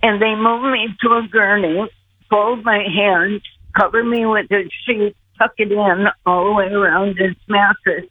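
Older woman, slow, over a phone line. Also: mid-range voice, steady tone, breathy edge. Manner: earnest, acts out her own pleas. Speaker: guest recounting near-death experience. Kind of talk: slow storytelling.

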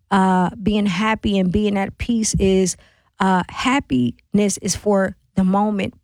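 A woman's voice: a little high, creaky, darkish tone, no echo. Earnest woman talk radio host. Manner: earnest, reflective, preacher-like cadence.

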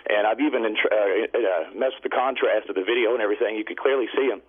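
A man phoning into a radio talk show, telling a long story in a rambling, halting way full of fillers. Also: on the low side, husky. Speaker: caller. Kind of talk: call-in storytelling. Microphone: telephone. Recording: tinny phone line.

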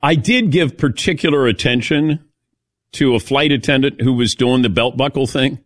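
A man's voice: normal speed, dry recording, studio quality. A man hosting a radio talk show, telling stories in casual chat and mimicking people in a raised voice. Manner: animated storyteller, mimics people in higher voice.

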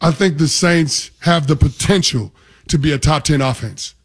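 A man's voice: on the high side, moderate pace, breathy edge. A man co-hosting a sports talk radio show, explaining football with confidence and casual slang. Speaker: sports analyst co-host.

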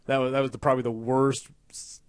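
A man's voice: medium pitch, level tone, quick pace, clean tone, no room sound. A male radio co-host trading casual, wry remarks in the studio. He sounds amused by the callers, and his voice comes through dry and close. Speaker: radio show co-host and call screener.

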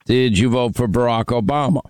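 A man's voice: mid-range voice, brisk, darkish tone, no room sound. A man hosting a call-in radio show, needling and mocking a caller in a brash, combative way. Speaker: radio talk show host. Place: radio studio.

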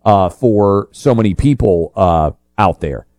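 A man's voice: fairly low pitch, expressive, slow, a little mellow, no echo, clean studio sound. A man co-hosting a talk radio show, chatting emphatically and addressing his co-host by name.

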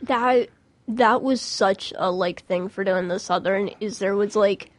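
A woman's voice: mid-range voice, a little slow, no echo. A young woman co-hosting a casual podcast chat, rambling with many restarts and frequent giggles. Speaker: podcast co-host, mock trial team member.

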